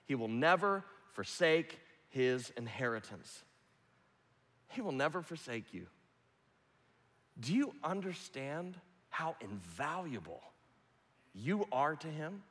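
A male pastor delivering a sermon in a large church hall, with a long echo trailing each phrase. His voice sits slightly high for a man. He alternates between ringing, climbing exhortations and soft, hushed, near-whispered passages. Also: sing-song, takes it slowly, pauses often, husky. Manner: preaching, swinging from loud rising appeals to hushed near-whispers.

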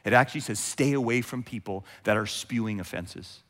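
Animated preacher in a reverberant hall. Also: male voice, fairly low pitch, a little fast. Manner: animated, acts out quoted voices, swings from loud to hushed. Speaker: pastor. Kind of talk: sermon.

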